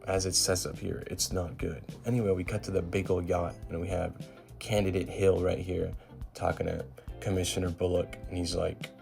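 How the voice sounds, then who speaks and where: Male recap host, deep and gravelly, laid-back slangy delivery, faint music bed. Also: little pitch movement, normal speed, a little mellow. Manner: slangy, offhand storytelling, paraphrases dialogue with "he's like". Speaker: comic book recap host. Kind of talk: casual comic book recap.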